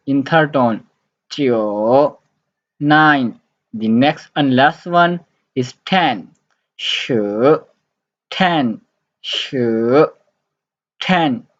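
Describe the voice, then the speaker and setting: A man teaching a beginner language lesson, speaking deliberately in simple, halting English and repeating each word several times. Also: medium pitch, lo-fi sound. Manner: simple, halting non-native English phrasing.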